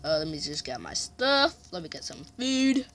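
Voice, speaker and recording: A man doing casual let's play commentary, chatty, muttering frustration and taunting and yelling challenges at opponents. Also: a little high, big pitch swings, moderate pace. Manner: mutters frustration, mild swearing. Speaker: gamer.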